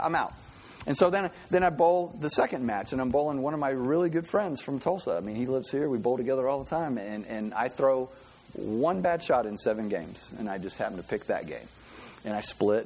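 A man gives a relaxed sermon in a church, talking like he's telling a story to friends. He repeats words and restarts his sentences often, with easy laughs. A faint murmur of the room sits behind his voice. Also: a little high, a little hiss or hum. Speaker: preacher. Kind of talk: conversational sermon with personal story.

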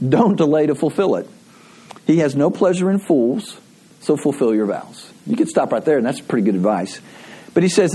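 A man's voice: medium pitch, mellow, slightly rough. A middle-aged man preaching a sermon as pastor, in a conversational, storytelling way.

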